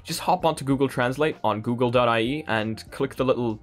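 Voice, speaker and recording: A man's voice: mid-range voice, a little fast, soft background music. A man from Poland with an Irish accent, hosting a tech vlog in an enthusiastic, playful way and talking straight to his viewers. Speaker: tech channel host.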